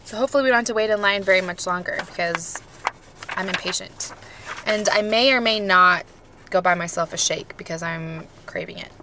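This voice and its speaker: A young adult woman chatting casually for a home vlog, often soft and hushed, tired and a bit unwell. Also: on the low side, a little fast, background noise. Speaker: mom vlogger. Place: family home, basement playroom.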